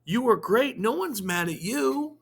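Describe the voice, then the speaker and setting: A man playing a worried, gentle storybook father. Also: extremely high pitch, lively intonation, a little slow, husky, voice pushed up, exaggerated voice. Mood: soothing. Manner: soothing, pleading.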